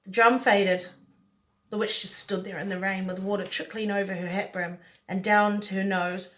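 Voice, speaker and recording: A woman's voice: medium pitch, little pitch movement, normal speed, a bit bright. A woman reading a picture book aloud, playful, with chatty asides to the listener. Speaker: storyteller.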